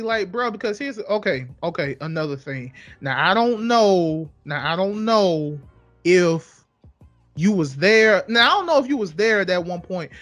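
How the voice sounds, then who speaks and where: A young man co-hosting a podcast, telling stories in a casual, animated way, swearing freely and repeating himself for emphasis. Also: high voice, dry recording. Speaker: podcast co-host. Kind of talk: casual storytelling chat.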